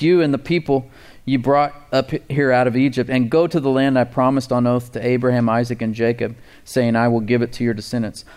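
A man in the middle of a conversational sermon, speaking at an average pitch. He teaches like a pastor addressing his Bible school students, rising sharply on the words he wants to stress and chuckling now and then. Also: clear, resonant tone. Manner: animated, emphatic, chuckles at his own points.

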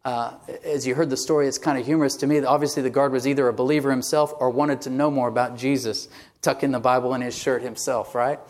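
A man's voice: medium pitch, fairly even intonation, fast talker, a little mellow. A male pastor delivering a sermon, telling a story in a conversational way and reading quoted passages aloud.

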